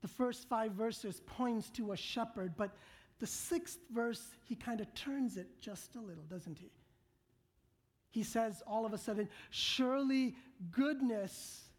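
A woman preaching a sermon in an earnest, direct way, speaking to her congregation. Her voice sits fairly high, and she takes her time over each phrase, dropping to hushed whispers and then rising to loud, emphatic lines. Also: measured pace, breathy edge.

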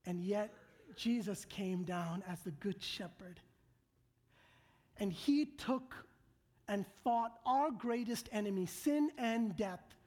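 A woman preaching a sermon, talking straight to her congregation and swinging from loud, emphatic lines to hushed whispers. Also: mid-range voice, slow. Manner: earnest, direct address to the congregation.

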